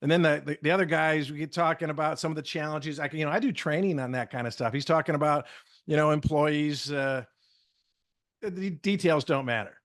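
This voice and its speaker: A middle-aged man telling lively stories in casual podcast chat, acting out the dialogue as a communication trainer. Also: fairly high pitch, fairly quick. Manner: lively, acts out dialogue in stories, many fillers. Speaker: guest speaker and communication trainer.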